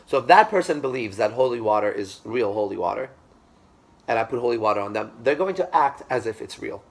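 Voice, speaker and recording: A man's voice: mid-range voice, expressive, a little fast, gravelly. Emphatic man lecturing a class. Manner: emphatic, repeats himself, asks the class to agree.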